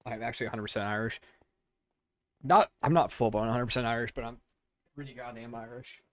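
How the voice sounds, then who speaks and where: A man's voice: medium pitch, steady tone, fast. A man gaming with friends, trading brash, heavily profane banter. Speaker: gamer on a livestream. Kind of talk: casual gaming chat.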